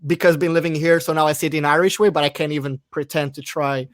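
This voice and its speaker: A man comedian co-hosting a casual chat, talking in a thoughtful, halting way. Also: a little high, fairly even intonation, no echo. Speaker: comedian, co-host.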